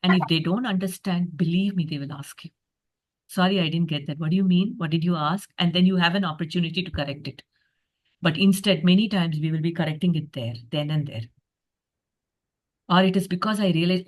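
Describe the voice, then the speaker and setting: A woman's voice: on the low side, fairly quick. A woman presenting a reflective coaching masterclass on a video call, talking with frequent fillers and acting out a coach's inner thoughts. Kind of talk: online masterclass talk.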